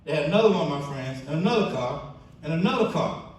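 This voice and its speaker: Far from the mic, a man with a fairly high voice talks fast as the keynote speaker at a church banquet. His testimony is told as stories, with animated bursts where he acts out what his friends said, all echoing through the hall.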